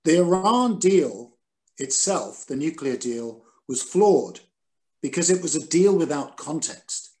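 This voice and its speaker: An older man speaks over a video call in a measured, analytical way. His voice sits a little high for a man. He stops now and then on ums and restarts as he works through his points. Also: lively intonation, dark tone. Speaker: interview guest, former newspaper editor.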